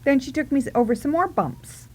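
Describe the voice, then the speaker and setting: A woman vlogger telling a funny personal story in a casual, animated way, giggling and acting out her own reactions. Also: high-pitched, fairly quick.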